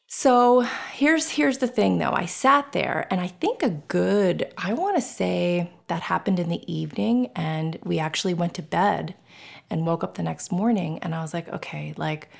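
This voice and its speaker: On her personal podcast, a middle-aged woman with a creaky voice on the low side talks candidly and with emotion. She swears freely and acts out scenes in an animated way, whispering and putting on voices.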